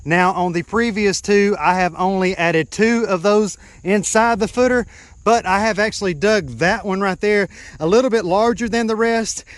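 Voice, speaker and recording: A man whose voice sits high walks through a backyard build at a moderate pace, explaining each step and pointing things out. He's a DIY vlogger speaking casually outdoors and is out of breath at times. The recording is dry.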